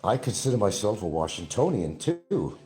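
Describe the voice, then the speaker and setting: A man's voice: on the low side, big pitch swings, moderate pace, warm tone, slightly rough, soft background music. An older man from New York with a slight New York accent, rambling and repeating himself as he hosts a casual live stream and reads viewer comments. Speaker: YouTube livestream host.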